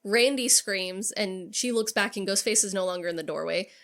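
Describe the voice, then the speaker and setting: A woman's voice: medium pitch, moderate pace, a bit bright. A woman co-hosting a podcast, casually retelling a horror movie scene by scene, with frequent swearing and acted-out quotes. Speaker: podcast co-host. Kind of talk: casual movie recap chat.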